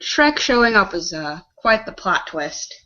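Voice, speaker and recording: A woman's voice: mid-range voice, very animated, a little slow, pushed and bright, highs cut off. A woman co-hosting a comedy podcast who speaks in a dry, hesitant way. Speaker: podcast co-host. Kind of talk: casual comedic banter.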